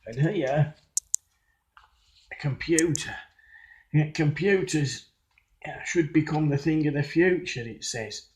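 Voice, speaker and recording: A man's voice: fairly high pitch, slow, long pauses, a little mellow. An older man with a Brummie accent, casually narrating over old pictures he sent in as a video. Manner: chatty, reminiscing. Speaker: viewer sending in a video.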